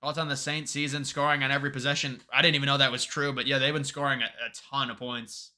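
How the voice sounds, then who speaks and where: Bright-voiced man chatting on a live stream. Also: mid-range voice, level tone, quick pace. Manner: rambling, restarts sentences, reads chat aloud. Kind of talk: casual live-stream chat with viewers.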